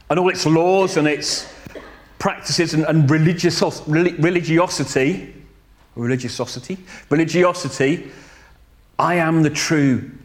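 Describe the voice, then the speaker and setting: A man preaching a sermon in a slow, deliberate way, pausing to correct himself and adding a light joke now and then. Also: on the high side.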